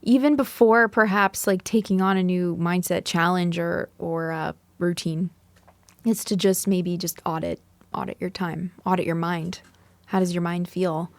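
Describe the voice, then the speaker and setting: A woman's voice: lowish voice, fairly even intonation, unhurried, no room sound. A woman co-hosting a podcast, speaking in an encouraging, agreeable and reflective way in casual chat. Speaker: podcast co-host.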